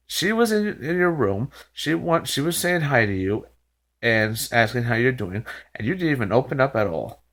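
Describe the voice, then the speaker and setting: A man's voice: mid-range voice, animated, moderate pace, a bit bright. A man hosting a reaction video, recapping and commenting in a rambling, exasperated way with frequent restarts and sighs.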